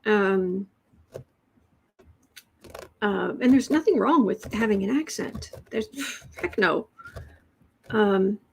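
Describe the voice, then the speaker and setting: A woman's voice: mid-range voice, expressive, slow pace, creaky, pauses often, slight background noise. A woman with a Chicago accent hosting a live tarot reading and answering chat questions in a chatty, wry way, often trailing off and restarting. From Chicago, USA. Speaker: tarot and astrology livestream host. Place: home room with adjustable lighting.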